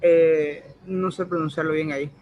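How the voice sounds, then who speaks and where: A male student whose first language is Spanish reading English sentences aloud haltingly in class. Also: fairly high pitch, fairly even intonation, dull audio, crowd noise.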